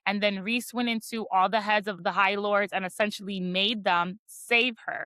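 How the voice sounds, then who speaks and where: A woman's voice: medium pitch, steady tone, moderate pace, bright, forceful tone, clear, resonant tone, no room sound. A woman on a book podcast giving a casual, chatty chapter recap, full of "like" fillers and playful teasing. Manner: chatty, heavy use of "like" as filler; playful, teasing about spicy scenes.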